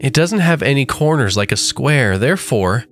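A man's voice: lively intonation, moderate pace, fairly bright tone, a little hiss or hum, natural voice. A man voicing a frightened young woman trapped in a deadly maze, her lines raised and anxious. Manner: anxious, pitched up.

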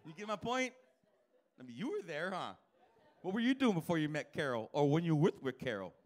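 A male stand-up comedian riffs on people in the crowd, brash, profane and teasing. His voice sits high and bounces around animatedly. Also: sing-song, a little fast. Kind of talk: live stand-up crowd work. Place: comedy club stage before live audience.

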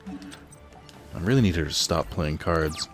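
A man's voice: sits low, expressive, slow, soft background music. A man thinking aloud while he plays a card game at home, rambling and reading out card text in casual commentary. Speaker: let's play host. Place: home apartment.

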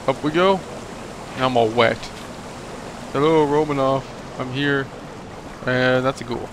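A man's voice: medium pitch, steady tone, measured pace. A young man commenting on his game as a let's play host, joking and rambling and talking back at the enemies. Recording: noisy home recording.

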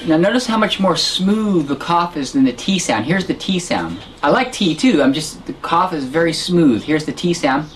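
A man teaching a harmonica lesson, explaining technique in a relaxed way and correcting himself as he goes. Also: fairly high pitch, normal speed, hardly any pauses, music in the background, rough recording. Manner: demonstrates sounds and counts beats aloud. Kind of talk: instructional lesson.

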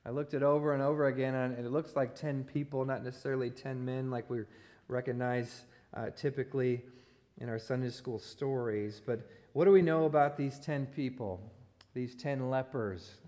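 A man's voice: medium pitch, fairly even intonation, moderate pace, mellow. A man in his forties preaching a sermon in a church, telling a personal story with self-deprecating jokes and laughing at his own humor. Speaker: pastor. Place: church sanctuary.

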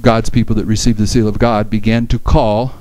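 A man's voice: fairly low pitch, level tone, brisk, darkish tone, no echo, low-quality recording. A man giving a Bible study lecture, reading verses aloud and explaining them with frequent restarts.

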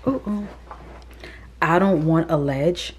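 A woman's voice: low voice, takes it slowly, a little hiss or hum. A woman chatting candidly and casually as she tours a model townhouse for her vlog, often dropping into a whisper. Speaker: vlogger. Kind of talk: casual chat while touring a model home.

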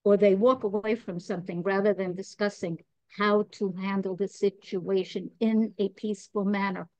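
A woman's voice: mid-range voice, fairly even intonation, normal speed, darkish tone, no echo. A woman from New York, a podcast guest, talking in a chatty, digressive way, laughing at herself and earnest about spiritual growth. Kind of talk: casual chat.

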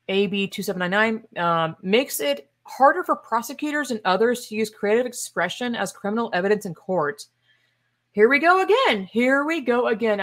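A woman's voice: medium pitch, a bit bright. A woman hosting a podcast, delivering a casual commentary monologue in a sarcastic, exasperated and emphatic way, with scoffing asides. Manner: opinionated and emphatic. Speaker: podcast host.

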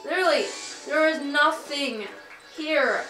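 Young woman gamer, high and unhurried, excitable and sweary; roomy, off-mic sound with game music behind. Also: recorded from a distance. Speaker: let's play gamer. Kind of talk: casual gameplay commentary. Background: video game music.

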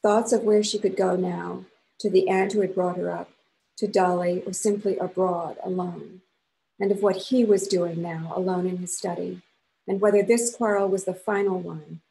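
A woman, an author and professor, reading a novel aloud to a class in a measured, expressive way. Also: lowish voice, gravelly, a little hiss or hum, poor audio.

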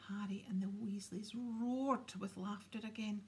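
A woman reading a children's novel aloud in a soft, half-whispered storytelling manner. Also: medium pitch, steady tone, normal speed, gravelly, hardly any pauses, husky. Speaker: audiobook reader. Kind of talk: storybook narration.

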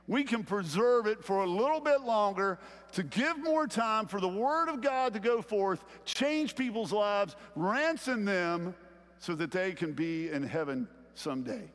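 A male pastor with a Southern US accent preaching a sermon in a conversational way, slowing down to stress key phrases, in a large church sanctuary. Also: high-pitched, long reverb tail.

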